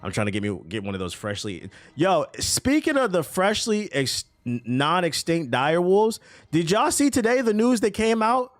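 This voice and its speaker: Male streamer, casual and profane chatter over gameplay, very lively pitch. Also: moderate pace, dry recording. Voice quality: profane, loose and animated. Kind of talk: casual chat while gaming on stream.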